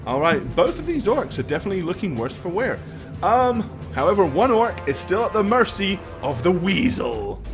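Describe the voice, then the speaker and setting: Lively, animated game master. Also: male voice, sits high, normal speed, over music. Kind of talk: running a tabletop game.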